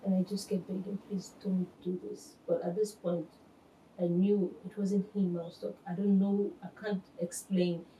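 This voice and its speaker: A woman in her forties from Nigeria tells a painful personal story, pausing often with halting, hesitant speech. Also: on the low side, little pitch movement, mellow, a little hiss or hum. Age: 40s. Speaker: reality show contestant. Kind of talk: emotional personal testimony. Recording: echoey room, faint ambience.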